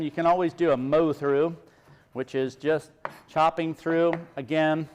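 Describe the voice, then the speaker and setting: A man's voice: fairly high pitch, clean tone. A middle-aged man, a chef, giving a chatty cooking demonstration and explaining each step as he works. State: teary from onions.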